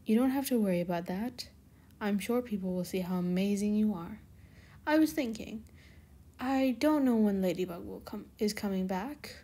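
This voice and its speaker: A woman voicing a gentle, affectionate teenage boy superhero in a fan fiction reading, in soft tender tones. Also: mid-range voice, lively intonation, moderate pace, breathy edge.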